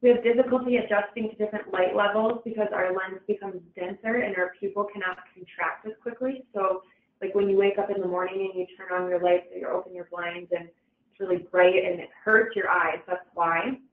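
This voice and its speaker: A woman's voice: medium pitch, steady tone, fairly quick. A woman giving an informal webinar presentation, casual, with frequent fillers and restarts. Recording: echoey, distant, phone-like webinar audio.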